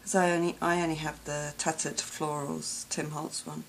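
A woman filming a craft gift unboxing vlog, gushing and gasping with delight and often dropping to a soft whisper. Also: deep voice, little pitch movement, normal speed, creaky, slight background noise, poor audio. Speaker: craft vlogger.

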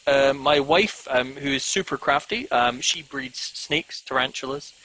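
A man's voice: mid-range voice, a little slow, bright, forceful tone, rough recording. A man chatting casually as a guest, rambling with lots of "um"s and self-mocking jokes. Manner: rambling, frequent ums, self-mocking humor. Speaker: podcast guest. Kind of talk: casual video-call chat.

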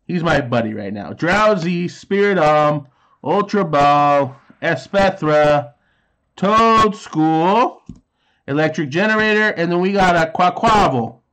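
A man's voice: a little high, lively intonation, slow, a bit bright. A man in his thirties casually chatting while opening trading card packs, reading card names aloud and making sound effects. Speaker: card unboxing host.

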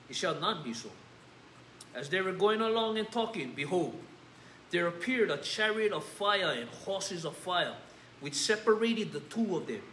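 Male pastor, Hawaiian Pidgin lilt, laid-back sermon, higher voice, echoey church room. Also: fairly bright tone, a little hiss or hum. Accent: Hawaiian Pidgin-tinged English. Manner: casual, peppered with "yeah?" and "bro". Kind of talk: informal sermon with scripture reading. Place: church sanctuary.

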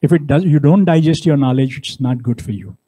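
A man delivers a university lecture. His voice is mellow and husky, and he presses his points hard, stopping often to ask the audience rhetorical questions. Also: fairly high pitch, a little fast, low-quality recording. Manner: emphatic, preachy, fond of rhetorical questions. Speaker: guest speaker.

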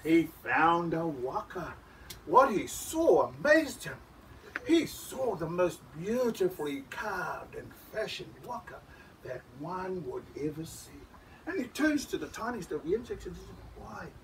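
A man telling a story to schoolchildren, dramatic, shifting from whispers to loud calls. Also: fairly high pitch, very animated, unhurried. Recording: distant mic with background noise.

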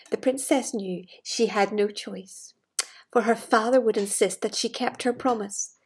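Breathy high-voiced woman reading to children. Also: measured pace. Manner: animated, with gasps and hushed asides to young listeners. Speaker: children's storyteller. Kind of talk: children's story time reading.

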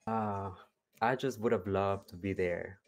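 A man giving excited, rambling reaction commentary on a pageant. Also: sits low, a little slow, faint music behind. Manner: animated, rambling, fond of "you know".

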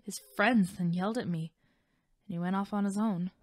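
A woman's voice: mid-range voice, fairly even intonation, moderate pace, a little mellow, no room sound, lightly acted. Brief: woman as troubled young warrior, earnest, dry close mic. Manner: earnest, uncertain confiding. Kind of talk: audiobook voice acting.

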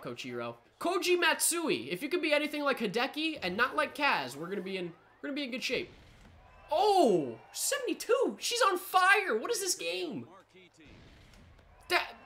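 Excitable lady doing gameplay commentary, pitch all over the place, yelling at her players. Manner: excitable, talks to the players on screen. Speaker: gaming channel host.

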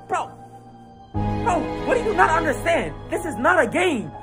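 A man's voice: extremely high pitch, very animated, moderate pace, over music, pitched above the performer's own voice. A man playing a threatening male street robber who barks orders. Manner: menacing, barking orders.

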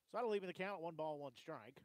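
A man with a slightly raised voice works the play-by-play of a softball game. His calling is brisk and conversational, and it follows the action pitch by pitch. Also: animated, no room sound, rough recording. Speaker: play-by-play announcer.

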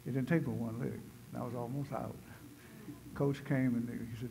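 A man's voice: mid-range voice, steady tone, normal speed, gravelly, noisy background. A man preaching a sermon in a church. He tells his story conversationally and builds to fervent, emphatic preaching. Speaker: pastor. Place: church sanctuary.

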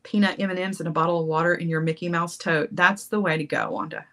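A woman's voice: lowish voice, steady tone, fast talker, bright, forceful tone. A middle-aged woman hosting a jewelry-making livestream, chatting casually, reading viewer comments and laughing often.

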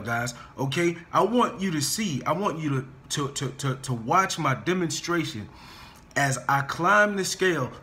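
A male singing teacher with a bright, forceful voice walks his students through warm-up scales at an unhurried, deliberate pace. He is encouraging and talks directly to them, often saying "okay?" and "guys". He sometimes stammers and restarts his sentences as he explains. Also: a little high. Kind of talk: vocal lesson with warm-up scales.

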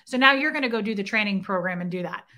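A woman's voice: medium pitch, fast. A young adult woman hosting her own show, casually retelling a personal encounter and acting out both sides of the conversation for her viewers. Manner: animated retelling with quoted dialogue and side remarks to chat. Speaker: host.

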